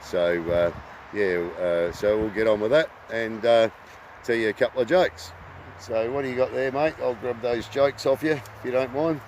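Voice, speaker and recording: A man hosting a rambling casual talk, halting and full of ums and uhs. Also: medium pitch, darkish tone, a little hiss or hum. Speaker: host.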